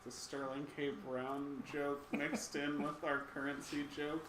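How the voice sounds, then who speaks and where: A man's voice: on the high side, little pitch movement, a little slow, echoey room, noisy background. A man hosting a casual game playthrough, joking wryly, swearing and laughing with a co-host. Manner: wry, swears, laughs a lot. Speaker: gaming let's play host.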